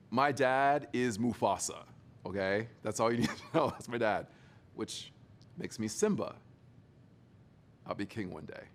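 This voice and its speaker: A man's voice: lowish voice, animated, measured pace, long pauses. Playful young man giving a keynote. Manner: playful, teasing the audience. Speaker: motivational speaker. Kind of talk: storytelling keynote talk.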